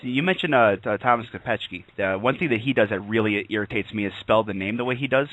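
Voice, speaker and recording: A man's voice: fairly low pitch, fast talker, fairly bright tone, poor audio. A man co-hosting an online radio talk show, chatting casually and rambling with laughs. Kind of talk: casual chat.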